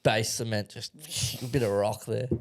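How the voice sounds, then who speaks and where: A man's voice: lowish voice, fairly even intonation, unhurried. A man co-hosting a podcast, cracking crude jokes and swearing freely. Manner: profane, joking, laughs often. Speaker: podcast co-host. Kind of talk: crude casual banter.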